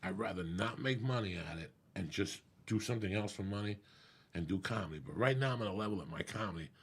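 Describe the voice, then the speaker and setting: A man with a rough, gravelly voice that sits fairly low and sounds raspy through and through. He tells stories like a comedian in casual conversation, swearing freely and playing out every quoted line. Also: quick pace. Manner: profane, animated storyteller acting out quotes. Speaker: comedian guest. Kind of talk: casual storytelling chat.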